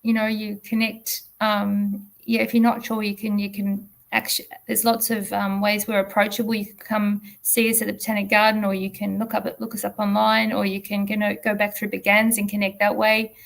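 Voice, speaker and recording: Female curator, gravelly and even-toned, welcoming. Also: medium pitch, fairly quick, hardly any pauses. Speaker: botanic garden curator. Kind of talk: casual advice.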